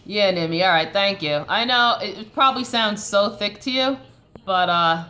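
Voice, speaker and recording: Bright-voiced woman with a Long Island accent. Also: medium pitch, moderate pace. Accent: Long Island New York. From Long Island, New York. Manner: chatty, coaching, reads and answers comments. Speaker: live stream host answering viewer questions. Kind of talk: casual live stream Q&A.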